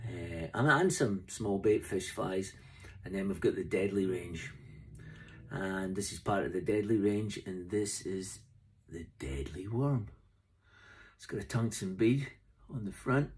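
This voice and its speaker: Chatty Scottish man with a husky voice. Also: fairly low pitch, darkish tone. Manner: chatty, rambling, jokey. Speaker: fly tier and seller. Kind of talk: casual vlog talk to camera. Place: camping on the road.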